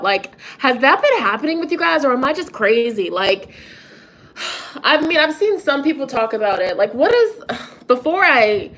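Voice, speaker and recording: A woman's voice: a little high, fairly bright tone, a little hiss or hum, rough recording. A young woman rambling and confiding in a casual vlog, often restarting her sentences and laughing. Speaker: tarot reader and vlogger. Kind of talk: casual chat to camera.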